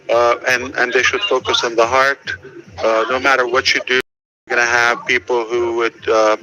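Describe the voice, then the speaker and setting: A man's voice: mid-range voice, poor audio. A man leading a casual group call, speaking in rambling, stop-start phrases full of fillers. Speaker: company leader addressing members.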